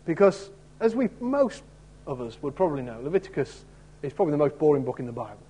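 A man preaching a Bible sermon in a chatty, conversational way, often turning to his listeners with tag questions. His voice sits somewhat high for a man, and it has a husky, slightly breathy grain. The tone stays warm and mellow rather than bright. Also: sing-song, quick pace. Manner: acts out quoted voices in the story. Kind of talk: expository sermon.

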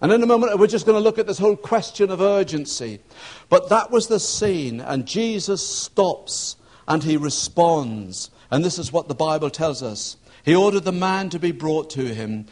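A man's voice: lively intonation, moderate pace. A man preaching a sermon, telling a story and acting out the voices in it. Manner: storytelling preacher, acting out shouts and quotes with rising pitch.

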